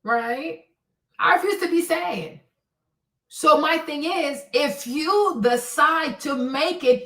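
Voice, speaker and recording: A woman's voice: sits high, a bit bright. Blunt, preachy woman in her forties. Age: 40s. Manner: blunt, preachy, keeps asking "right?". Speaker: live stream host. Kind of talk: casual livestream rant. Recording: echoey room, voice a bit far from the mic.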